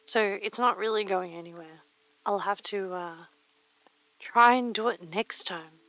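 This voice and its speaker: A woman streamer chatting casually while she sews, reading chat aloud and muttering soft whispers to herself. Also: mid-range voice, measured pace, dry recording, low-quality recording. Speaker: live streamer.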